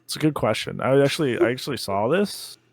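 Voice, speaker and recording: A man talking as a guest on a casual gaming podcast, chatty and quick to laugh, with lots of "like" and "um". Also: mid-range voice, expressive, no room sound. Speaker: interview guest, expert game player.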